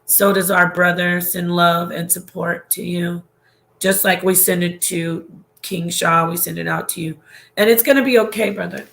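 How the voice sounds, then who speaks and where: A woman's voice: fairly low pitch, steady tone, normal speed, vocal fry, a bit bright. A woman hosting a casual livestream and reading viewer comments, talking in a rambling, emotional way with laughs and restarts.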